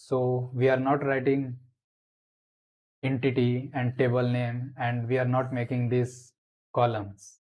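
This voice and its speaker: A man's voice: mid-range voice, a little mellow, rough recording. A man explaining a programming lesson step by step as he types code in a screencast tutorial. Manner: slow, step-by-step explaining while typing.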